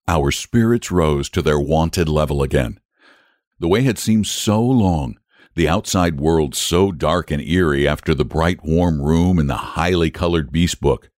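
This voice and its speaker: A man reading a storybook aloud as narrator, in a measured, expressive storytelling manner. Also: a bass voice, no room sound, studio quality.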